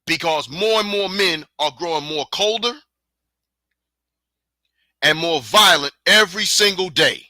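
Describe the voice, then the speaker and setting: A man with a high, piercing, tense voice rants angrily on his solo podcast, hurling taunts at his listeners. The sound is close and completely dry, with no room around it. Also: a little slow, long pauses, sharp tone, dry recording. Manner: heated, profane, taunting with repeated challenges. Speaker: podcast host. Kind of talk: angry solo podcast rant.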